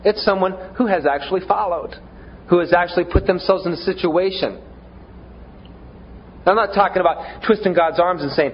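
Male preacher, fairly high voice, stammering restarts, dull lo-fi recording. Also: normal speed, long pauses, a little hiss or hum. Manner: conversational, stammering restarts, self-deprecating humor. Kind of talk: sermon.

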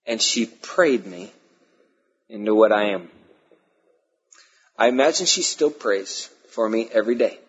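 A male pastor preaching a sermon, emphatic, repeating key phrases and pausing between them. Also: fairly low pitch, expressive, husky. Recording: dull lo-fi sermon recording.

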